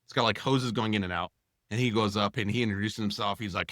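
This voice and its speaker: Male podcast co-host, bright tone, casual animated storyteller, dry close mic. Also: on the low side, quick pace, no room sound. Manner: animated, acts out dialogue with lots of fillers.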